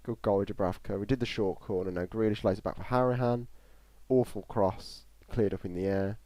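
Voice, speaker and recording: At normal speed and in a lowish voice with no echo, an English man streams his reactions to a football match. He chatters excitedly through every bit of play and reads out chat messages, using a desktop mic in front of a screen in a small closed room.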